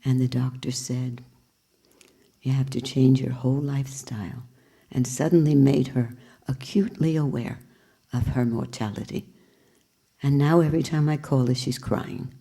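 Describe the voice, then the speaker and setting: An older woman leads a spiritual talk to a group in a low, mellow voice. She is reflective and questioning, with touches of gentle humor. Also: steady tone, moderate pace, gravelly, breathy edge. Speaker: spiritual teacher.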